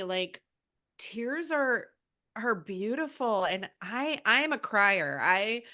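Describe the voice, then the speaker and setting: A woman's voice: mid-range voice, pushed and bright. A woman guest on a podcast, an animal healer, talking earnestly and from the heart, often restarting her sentences. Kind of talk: casual podcast conversation.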